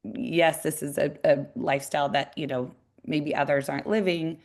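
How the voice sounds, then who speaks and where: A woman, a parent guest, talking thoughtfully in a casual conversation with many pauses and fillers. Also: sits low, fairly even intonation, a little mellow. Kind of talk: casual chat on a video call.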